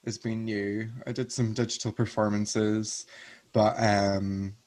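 A man's voice: lowish voice, little pitch movement, slow, a little mellow. A Scottish man with a Glasgow accent, a drag performer chatting as a guest over a video call, casual and self-mocking with the odd swear. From Scotland. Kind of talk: casual chat.

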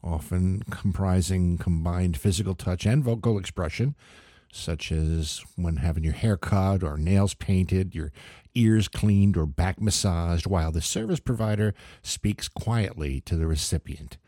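Low, mellow-voiced man hosting comedy. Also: a little slow, no room sound, clean studio sound. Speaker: comedy podcast host. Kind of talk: scripted comic monologue.

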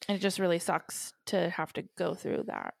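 A woman's voice: on the low side, sing-song, normal speed, gravelly, no echo, studio quality. A woman co-hosting a podcast, talking in a supportive, reflective, reassuring way. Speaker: podcast co-host. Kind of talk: casual chat.

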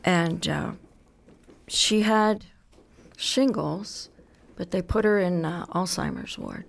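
A woman's voice: lowish voice, wildly swooping pitch, takes it slowly, creaky. A middle-aged woman, a pastor's wife, telling a personal testimony in a candid, self-deprecating way. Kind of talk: storytelling testimony.

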